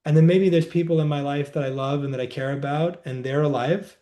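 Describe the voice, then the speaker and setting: A man as a podcast guest, calmly explaining a wellness practice in a reflective, conversational way, seated indoors. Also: on the high side. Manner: reflective, unhurried, says "like" often. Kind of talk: conversational interview, teaching.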